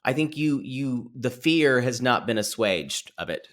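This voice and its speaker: A man, co-hosting a podcast and recapping a reality show in quick, playful, teasing chat. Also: mid-range voice, animated, a bit bright. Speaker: podcast co-host.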